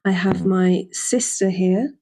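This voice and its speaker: A woman's voice: lowish voice, creaky, mellow. Chatty woman hosting a podcast from a hotel room. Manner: chatty and jokey, with quick self-corrections. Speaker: podcast host. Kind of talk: casual podcast chat. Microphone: lapel mic.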